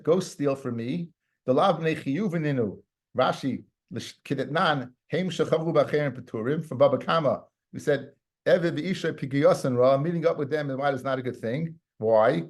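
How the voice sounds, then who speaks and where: A man, a rabbi, teaching a Talmud lesson in a conversational way, often repeating words and mixing in Hebrew and Aramaic terms. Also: fairly high pitch.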